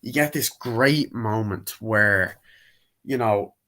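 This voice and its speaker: A young man recaps a film in loose, rambling talk, his voice sitting slightly low. He keeps breaking into quick, high-pitched impressions of the characters as he goes. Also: pushed and bright. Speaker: movie reviewer. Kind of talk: casual spoken movie review.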